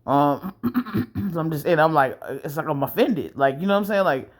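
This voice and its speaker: A man's voice: fairly high pitch, animated, normal speed. Rambling, profane man telling a story. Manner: rambling, profane, frequent throat clearing. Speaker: vlogger. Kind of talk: casual storytime monologue.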